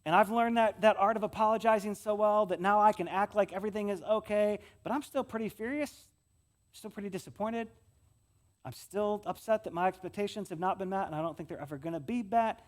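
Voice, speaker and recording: This pastor's voice sits high and moves fairly quickly, carrying a West Michigan accent. He delivers his sermon conversationally, frequently repeating words and swinging from loud passages to quiet ones.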